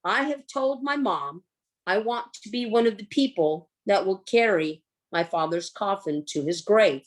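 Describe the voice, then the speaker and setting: A woman presenting a humor workshop, telling personal stories with animated acting-out of scenes. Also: medium pitch, unhurried. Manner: animated storyteller who acts out scenes.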